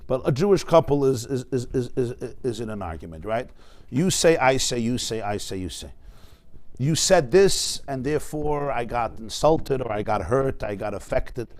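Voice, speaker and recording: A man teaching a Talmud class. He swings between loud emphatic bursts and quiet asides, and asks the class rhetorical questions. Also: mid-range voice, lively intonation, moderate pace.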